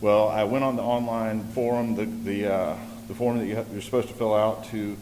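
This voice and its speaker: A man's voice: fairly low pitch, fairly even intonation, normal speed, mellow. A man, a parent, giving an earnest public comment at a school board meeting, often repeating himself as he pleads his case. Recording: echoey meeting hall, faint background hiss.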